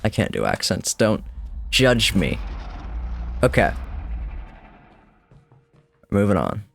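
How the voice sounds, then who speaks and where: A male streamer talks through his gameplay in a loose, chatty way, dry and self-mocking, with a mild curse here and there. His voice sits a little low and has a gravelly edge. The pitch moves around a lot as he reacts. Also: huge pitch swings, takes it slowly, a little hiss or hum. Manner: chatty, wry, self-deprecating, swears casually. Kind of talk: casual live-stream gameplay commentary.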